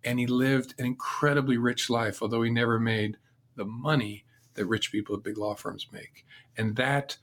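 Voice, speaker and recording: A man's voice: mid-range voice, steady tone, normal speed, fairly bright tone. A middle-aged man answering interview questions, telling his career story in an earnest, reflective way. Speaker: interview guest.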